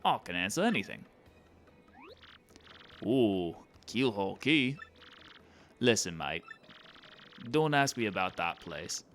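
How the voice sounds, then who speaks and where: A man voicing a gruff, boastful male townsman with a put-on British accent, brash and confrontational. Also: lowish voice, a bit bright.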